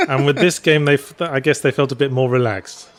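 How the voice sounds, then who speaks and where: A man chatting over his own gameplay with a dry, wry humor. He explains the game at length in a relaxed, conversational way. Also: mid-range voice, a little fast. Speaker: game commentator. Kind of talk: casual let's-play chat.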